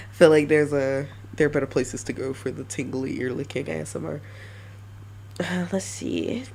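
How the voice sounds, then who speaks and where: A woman streamer chatting casually and brainstorming ideas, halting with many restarts. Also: low-pitched, steady tone, creaky, a little mellow, a little hiss or hum. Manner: halting, many restarts, self-mocking laughs.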